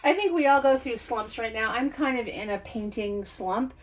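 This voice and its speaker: A middle-aged woman, a doll artist and teacher, talking through a casual unboxing vlog in a chatty, reflective way with many fillers and soft laughs. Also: a little high, normal speed.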